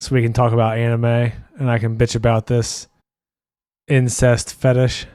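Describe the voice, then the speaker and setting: A man hosting a casual podcast while gaming, blunt and quick to swear, reading out viewer chat. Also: medium pitch, monotone, a little mellow, smooth, no echo, studio quality. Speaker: podcast host and streamer.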